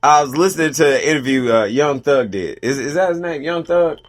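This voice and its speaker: Relaxed man talking on a radio show. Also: a little high, brisk. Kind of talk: casual chat.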